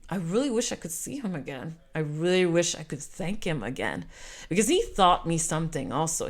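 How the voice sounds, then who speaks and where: A Canadian woman in her forties telling a personal travel story to camera in an emotional, repetitive, heartfelt way. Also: fairly low pitch. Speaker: vlogger. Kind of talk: storytime monologue.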